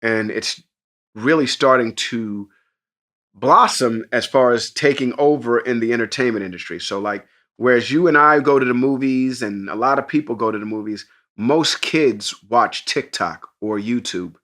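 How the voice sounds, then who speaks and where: Bright-voiced man telling a lively story. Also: medium pitch, moderate pace. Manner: animated storyteller who acts out voices; profane, excitable. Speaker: podcast co-host. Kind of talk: casual chat.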